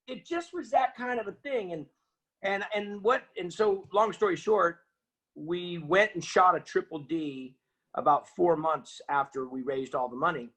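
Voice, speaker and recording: Husky middle-aged man telling lively stories. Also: high-pitched, a little slow. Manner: energetic, acts out quoted voices. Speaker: interview guest. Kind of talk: animated storytelling.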